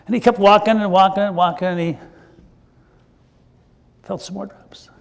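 A man's voice: sits high, steady tone, normal speed, creaky, in a large hall, a little hiss or hum. An older man, a pastor, telling a children's sermon in a playful, chatty way with the kids. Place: church sanctuary.

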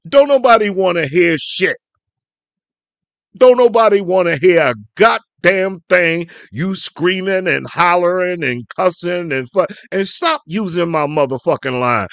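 A man's voice: a little high, gravelly, fairly bright tone, dry recording. A man hosting an online commentary show, delivering a heated, cussing, scolding rant. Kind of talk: profane ranting commentary.

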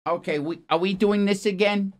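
A man's voice: high voice, steady tone, moderate pace. A man hosting a mock news show, improvising in a profane, exasperated, rambling way. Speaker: comedy news anchor. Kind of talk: improvised comic news parody.

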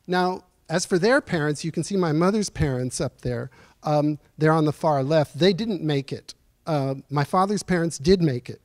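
Man in his sixties, fairly high voice, earnest reflective storyteller, halting pauses, dry close sound. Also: darkish tone, no room sound. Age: 60s. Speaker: guest speaker at a lecture series. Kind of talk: personal storytelling lecture. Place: university auditorium.

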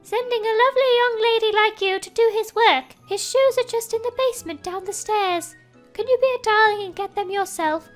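A woman's voice: extremely high pitch, fairly quick, soft background music, voice pushed up. A woman voicing a sweet elderly grandmother in a game, doting and fussing.

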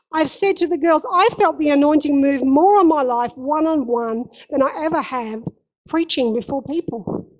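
Female pastor, high-pitched, impassioned church sermon delivery. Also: a little mellow, rough recording. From Australia. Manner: impassioned, emphatic repetition.

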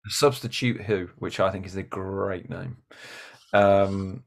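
A man, a musician guest in a casual chat, telling stories in an animated way. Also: low voice, slow, vocal fry. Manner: animated storyteller.

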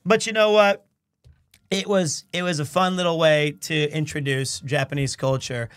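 A man's voice: on the high side, normal speed, clean tone. A man hosting a live stream from his home, chatting casually and telling stories with lots of laughter. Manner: animated, laughing storyteller. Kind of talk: casual chat. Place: home in Japan.

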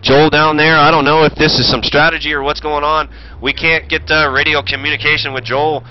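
A man calls a sim race off the cuff, excitable and profane, with a voice set a little high. The audio is dull and muffled, and loud game engine noise runs underneath. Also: a little fast. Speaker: sim racing commentator and streamer. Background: racing game engine noise.

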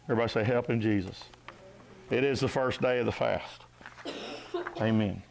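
A man preaching a sermon as pastor, exhorting his congregation, rising to shouts and dropping low. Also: normal speed, gravelly, a crowd in the background, low-quality recording. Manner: animated, exhorting, rises to shouts and drops to low tones. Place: church sanctuary.

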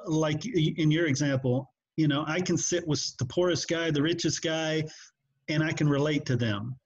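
A man hosting a podcast, chatting in a reflective, soft-spoken way. His voice is a little husky and somewhat higher. His audio comes through muffled and lo-fi. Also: moderate pace. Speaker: podcast host. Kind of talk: casual conversation. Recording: dull, lo-fi remote audio.

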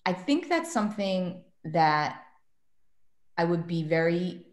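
Animated woman telling stories in an echoey room. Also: lowish voice, takes it slowly. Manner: animated storytelling, acts out quotes. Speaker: guest medium and tarot reader. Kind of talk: casual podcast chat.

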